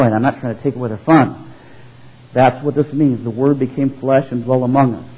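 A man's voice: on the high side, dull audio. A man preaching a sermon as pastor, telling stories and acting out the voices in them. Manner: animated storytelling, acting out voices.

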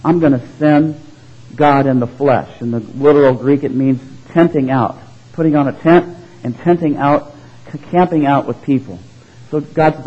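Husky-voiced man preaching a sermon. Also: mid-range voice, moderate pace, muffled recording. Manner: animated storytelling, acting out voices. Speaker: pastor.

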